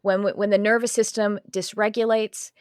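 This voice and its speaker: A woman chatting on a podcast, telling a story in a rambling, animated way and correcting herself mid-sentence. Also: medium pitch, moderate pace, clean tone, no room sound, studio quality. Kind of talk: casual podcast chat.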